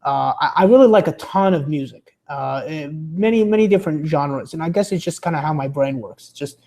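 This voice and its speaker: A young man on a livestream chats casually as he reads comments, speaking a little fast in a dark, sore-throated voice roughened by illness. His talk rambles with plenty of stammers and restarts, and his pitch fluctuates, occasionally turning into a bouncy entertainer's voice.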